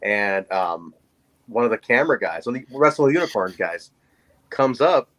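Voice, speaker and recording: Animated man telling a story. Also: fairly low pitch, moderate pace, low-quality recording. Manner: animated storyteller who acts out voices. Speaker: podcast co-host. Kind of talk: casual storytelling chat.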